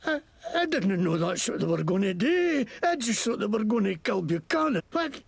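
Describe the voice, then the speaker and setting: A man's voice: sits high, sing-song, normal speed, no room sound, heavily acted. An actor playing a crude, boastful male shopkeeper and crook with a put-on Scottish accent, in a video game. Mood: panicked. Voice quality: gravelly, profane, blustering.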